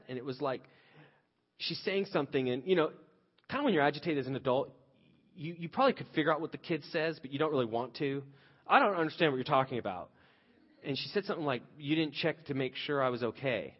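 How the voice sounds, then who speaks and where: A man in his thirties preaching a sermon conversationally, telling a story about his own family and restarting phrases often. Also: fairly high pitch. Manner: conversational storytelling with frequent restarts, rising loud when quoting himself. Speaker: pastor. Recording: dull lo-fi sound with long hall reverb.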